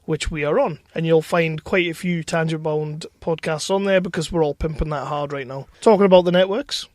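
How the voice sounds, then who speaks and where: A British man co-hosts a film podcast, rambling through plugs and jokes with a bit of swearing. His voice sits fairly high. The sound is dry and close to the mic. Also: steady tone, fairly quick, a little mellow, dry recording. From Britain. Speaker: podcast co-host. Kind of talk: casual chat.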